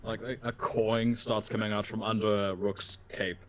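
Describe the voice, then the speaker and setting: A man playing a deep, haughty undying servant. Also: flat delivery, unhurried, slight background noise, natural voice. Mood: aloof. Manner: dry, haughty, sardonic. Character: aloof undying male servant of a death goddess.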